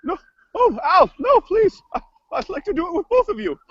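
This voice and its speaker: A man playing a squeaky, kooky woman chef. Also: big pitch swings, a bit bright, no room sound, full character voice. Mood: chirpy. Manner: rambling, halting, stuck on filler words. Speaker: improv performer. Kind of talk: improvised comedy scene. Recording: dull lo-fi online call audio.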